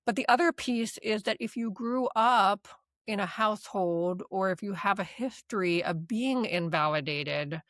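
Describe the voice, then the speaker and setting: A woman's voice: medium pitch, fairly bright tone, no echo. Chatty woman teaching, dry close sound. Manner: chatty, peppered with "like" and "right?"; laughs lightly mid-sentence. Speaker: DBT course instructor and podcast host. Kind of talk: casual teaching chat.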